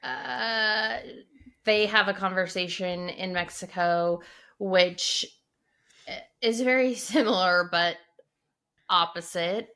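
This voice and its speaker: A woman co-hosting a casual podcast, her tone bright and forward. She tells stories with energy and slips into the voices of the people she quotes. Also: lowish voice, takes it slowly, pauses often, clean tone. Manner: animated storyteller, acts out quoted people. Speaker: podcast co-host. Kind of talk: casual chat.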